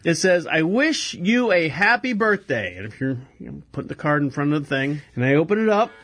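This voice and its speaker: On a close headset mic, a man hosts a live podcast from a small studio, delivering a rambling, casual monologue and laughing at himself often. His voice is a little high and fairly bright, with big pitch swings and a slightly fast pace, and faint music plays behind.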